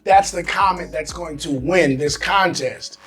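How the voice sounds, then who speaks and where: A man's voice: a little high, measured pace, husky, soft background music. An American man hosting his own vlog, talking casually and animatedly to camera in slangy speech. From United States. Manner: animated, slangy, acts out quoted voices. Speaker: expat vlogger host.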